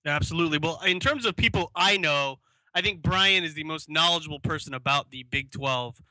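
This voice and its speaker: A man's voice: a little high, a little fast, bright, forceful tone, dry recording. A man co-hosting a sports podcast, chatting casually and easygoing as he runs through awards with his friend. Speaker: podcast co-host.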